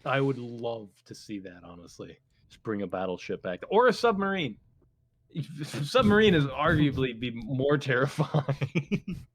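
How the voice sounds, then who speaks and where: A man co-hosting a podcast in casual chat, telling jokey stories with quick put-on voices and laughing often. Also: medium pitch, very animated. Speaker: podcast co-host. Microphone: headphones.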